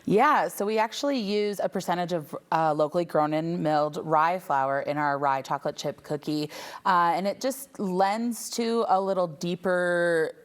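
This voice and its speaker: A woman from a bakery, a guest on a TV segment, explaining in a measured way with a few uhs. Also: fairly low pitch. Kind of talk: TV interview.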